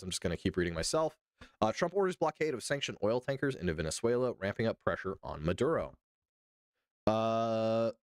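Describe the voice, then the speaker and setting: Sarcastic, profane male streamer with a lively voice. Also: on the low side, dry recording, studio quality. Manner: profane, sarcastic, swings into mock outrage. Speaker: livestream host. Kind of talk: casual livestream commentary, reading news aloud.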